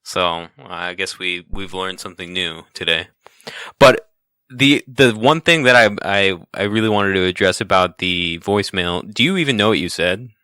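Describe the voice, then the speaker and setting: Podcast host: man, low-ish, smooth, bright, dry close mic, teasing. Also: normal speed, no room sound. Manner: teasing, easygoing, animated. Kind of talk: casual chat.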